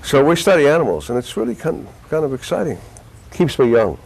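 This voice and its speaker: An older man, an actor being interviewed, telling stories in an animated, rambling way with restarts. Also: fairly high pitch, a little fast, gravelly, poor audio. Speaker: actor guest. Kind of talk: conversational interview storytelling. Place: local TV studio.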